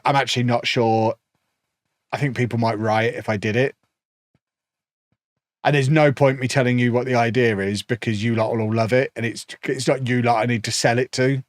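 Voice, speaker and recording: A man's voice: medium pitch, no room sound. Chatty man streaming a game. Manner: chatty, thinking aloud, with mock indignation. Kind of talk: live game stream commentary.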